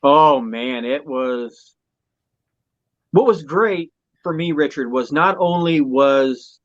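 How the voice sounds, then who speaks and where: A man co-hosting a podcast in casual chat, excitable and gushing, swearing now and then. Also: fairly high pitch, takes it slowly. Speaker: podcast co-host. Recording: dull lo-fi audio.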